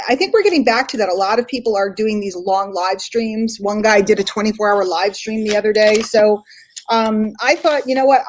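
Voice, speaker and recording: Chatty woman hosting a live stream. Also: on the high side. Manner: chatty, thinks aloud with many fillers. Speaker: host. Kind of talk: casual live-stream chat.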